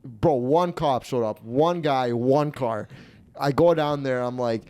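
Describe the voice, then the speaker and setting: A young man hosting a comedy podcast, telling a rowdy story and acting out the shouted lines. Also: medium pitch, slow, no room sound. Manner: animated, swearing, acts out quotes loudly. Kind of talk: casual storytelling.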